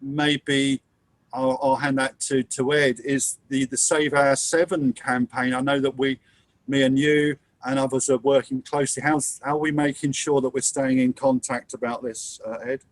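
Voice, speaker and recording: A man's voice: medium pitch, normal speed, no echo. An easygoing man from England runs the question session of an online meeting. He talks through fillers and restarts, his voice close and dry from a computer mic. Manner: relaxed, hesitant, many fillers. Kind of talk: hosting a video call Q&A. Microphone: computer mic on a video call.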